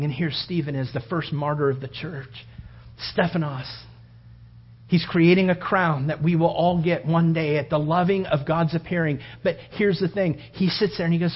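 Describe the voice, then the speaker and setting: A man preaching a sermon, acting out the story with loud outbursts and hushed whispers. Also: on the high side, normal speed, husky. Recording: dull lo-fi sound.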